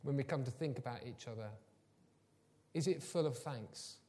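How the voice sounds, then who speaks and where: A man preaching a sermon, telling personal stories, moving from quiet and low to loud and emphatic. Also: normal speed. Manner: warm storytelling, swings from soft and low to loud and emphatic. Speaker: pastor. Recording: long hall reverb.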